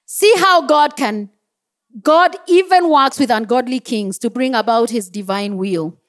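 A woman preaching a sermon in a church, animated, who laughs at her own slips and cries out with joy. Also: a little high, measured pace.

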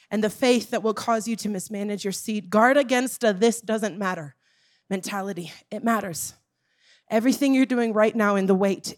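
A woman preaching a sermon, emphatic and calling out to the congregation with repeated questions. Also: mid-range voice. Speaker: pastor.

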